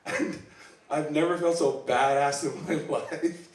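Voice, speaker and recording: A man's voice: a little high, steady tone, takes it slowly, pauses often. A man from Iceland doing open mic stand-up, rambling and self-deprecating, acting out the voices of the people in his stories. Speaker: stand-up comedian. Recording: echoey room recorded from a distance. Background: audience laughter.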